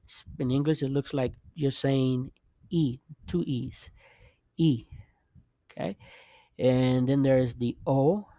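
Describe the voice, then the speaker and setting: A man gives a relaxed video language lesson at an unhurried pace, his voice carrying a noticeable gravelly fry. He patiently repeats each sound and keeps checking in with "okay?". The recording is close and dry, with little room sound. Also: medium pitch, no echo. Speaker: language teacher. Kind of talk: casual vlog-style lesson.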